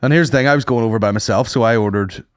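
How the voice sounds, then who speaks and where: A man's voice: mid-range voice, rapid-fire, clear, resonant tone, dry recording, clean studio sound. A man co-hosting a podcast, telling rambling, sweary anecdotes in casual chat and acting out what people said. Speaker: podcast co-host.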